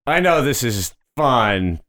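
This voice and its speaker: A man's voice: medium pitch, sing-song, slow pace, crowd noise. A man playing a tabletop game, talking in an easygoing, hesitant way. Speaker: player. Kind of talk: casual tabletop game talk.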